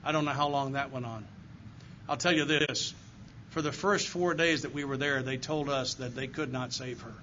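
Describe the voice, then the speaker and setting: This is a dull, lo-fi live recording of an older man, an AA circuit speaker, offering an earnest recovery testimony straight to a meeting audience. His mid-range voice has a sharp tone and moves at a normal speed. The heartfelt talk in the meeting room has slight background noise behind it.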